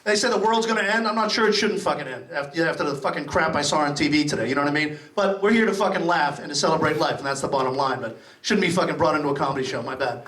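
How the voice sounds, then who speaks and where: A man's voice: on the high side, very fast. A middle-aged man from Massachusetts doing a profane stand-up set, firing off brash crowd work on a comedy club stage. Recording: distant, roomy club recording with loud crowd noise. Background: audience laughing and applauding.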